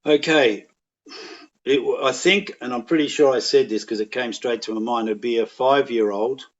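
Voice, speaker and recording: A man's voice: mid-range voice, normal speed. Australian man, middle-aged, rambling storyteller, slightly dull recording. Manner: rambling, animated anecdotes with voiced quotes. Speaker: podcast guest, actor. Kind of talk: casual storytelling chat.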